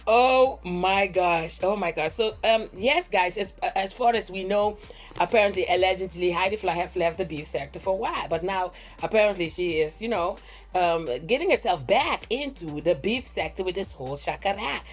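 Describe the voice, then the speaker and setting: A woman hosting a gossip reaction commentary, talking in a dramatic, theatrical way with drawn-out exclamations. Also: mid-range voice. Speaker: gossip reporter host.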